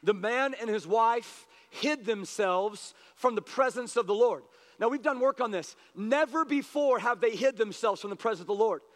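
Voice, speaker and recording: A man preaching a passionate sermon as pastor, building to loud, urgent appeals to his congregation. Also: very high-pitched. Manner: impassioned, rising to shouted appeals. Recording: long hall reverb.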